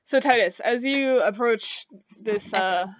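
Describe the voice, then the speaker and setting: A woman's voice: fairly high pitch, slow, muffled recording. A woman running a tabletop game as game master, narrating casually with lots of fillers.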